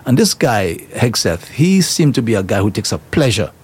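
A man's voice: lowish voice, sing-song, moderate pace, breathy edge. A man hosting a current-affairs talk show, opinionated and emphatic, prodding with rhetorical questions.

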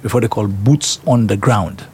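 A man's voice: on the low side, moderate pace, darkish tone, breathy edge. A man hosting a current-affairs talk show, opinionated and emphatic, prodding with rhetorical questions.

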